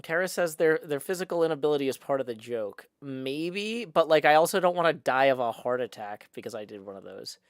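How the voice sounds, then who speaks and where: A man's voice: on the high side, expressive, a little fast, few pauses, clean tone, no echo. A middle-aged man, chatting casually on a live stream in his apartment, rambling and self-mocking as he reads chat aloud into a desk mic. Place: apartment room. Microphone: desk microphone.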